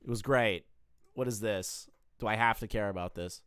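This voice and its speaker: A man's voice: on the low side, moderate pace, a bit bright, clear, resonant tone, no room sound. A man on a casual livestream reacting to online drama, swearing freely, joking and talking straight to his chat.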